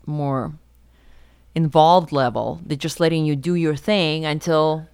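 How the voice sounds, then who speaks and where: A woman hosting a comedy podcast, teasing her guest with quick questions. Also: sits low, fairly even intonation, a little mellow, clear, resonant tone, dry recording, studio quality. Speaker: podcast host. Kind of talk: casual comedy chat.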